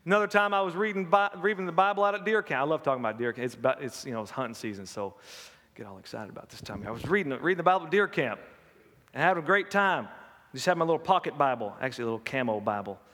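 A middle-aged man with a drawl preaches in a folksy, storytelling way. His voice sits a little high. The sound rings with the long reverb of a large hall. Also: lively intonation, rapid-fire, sharp tone. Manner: folksy storytelling with laughs and acted quotes. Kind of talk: sermon with personal stories.

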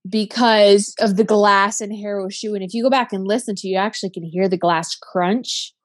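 A woman co-hosting a casual discussion, steering the talk and inviting the others to speak. Her voice is mid-pitched, and the recording is close and dry, with no room sound. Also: fairly even intonation, normal speed, no echo. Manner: conversational, leads the discussion and passes turns. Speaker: podcast co-host. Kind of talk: casual chat.

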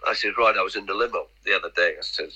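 Man, middle-aged, podcast guest, rambling anecdotes, bright forceful tone. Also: sits low, racing, breathy edge, poor audio. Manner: rambling, repeats words, acts out quoted dialogue. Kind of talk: casual anecdotal storytelling.

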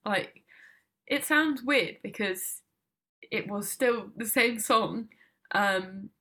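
Bright-voiced young woman chatting. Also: mid-range voice. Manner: chatty, rambling, quick to laugh, swears freely. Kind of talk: casual chat.

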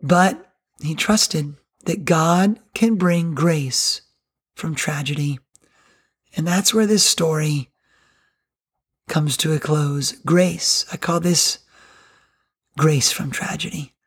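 A man's voice: on the high side, slow, long pauses, breathy edge. A middle-aged male pastor preaching a sermon in an earnest, conversational way.

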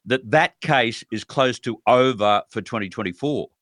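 A man's voice: medium pitch, moderate pace, fairly bright tone, no echo, studio quality. A man hosting political talk radio, speaking emphatically and indignantly. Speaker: radio talk show host.

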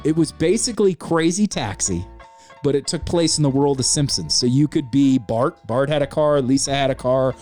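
Male podcast host in his forties, easygoing and rambling, mid pitch, faint music in the background. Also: animated, moderate pace, darkish tone. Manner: laid-back, rambling, says man and dude a lot. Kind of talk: casual podcast chat.

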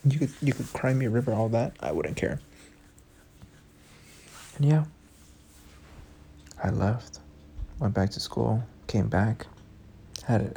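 The young adult host's voice is lowish, gravelly and mellow as he candidly recounts his breakup on his podcast. Emotional and often profane, he tells it casually over slight background noise.

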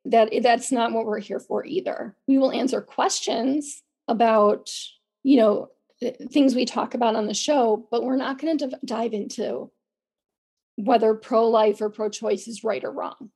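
A woman with a slightly high voice and a worn, fraying tone, as if she is losing her voice. She talks earnestly on a podcast, stumbling and restarting her sentences as she explains things to her listeners. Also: steady tone, measured pace, darkish tone, slightly rough. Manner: earnest, repeats words and restarts often. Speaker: podcast co-host. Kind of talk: casual podcast talk.

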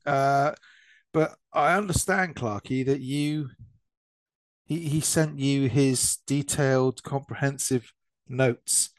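Talking over a call microphone with no echo, an Englishman trades jokes and swear words as co-host of a laid-back gaming podcast. He speaks slowly in a mid-range voice with fairly even intonation.

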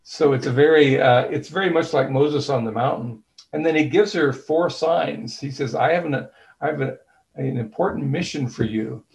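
A man's voice: on the high side, normal speed, vocal fry, a little mellow, low-quality recording. A man being interviewed as an author, speaking thoughtfully with frequent fillers and restarts, and retelling scenes in quoted dialogue. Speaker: author and guest.

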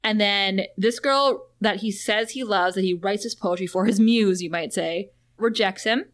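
A woman co-hosting a podcast, recapping a show in casual chat, animated and laughing often as she acts out quoted lines. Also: mid-range voice, normal speed. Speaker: podcast co-host.

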